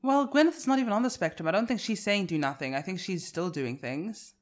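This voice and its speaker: A South African woman with a South African accent, co-hosting a podcast in candid, animated casual chat. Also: mid-range voice, brisk. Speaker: podcast co-host.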